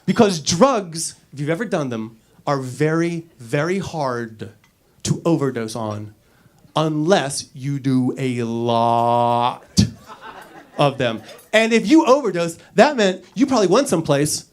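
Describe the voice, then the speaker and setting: A man doing a stand-up comedy set on a club stage into a handheld mic, brash and profane, swinging between loud bursts and mumbled asides. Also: fairly high pitch, expressive, slow.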